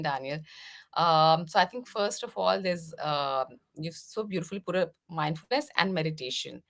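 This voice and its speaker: Low, gravelly-voiced woman from India. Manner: gentle, explanatory, many "uh" fillers. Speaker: meditation teacher, guest. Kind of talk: podcast interview answers.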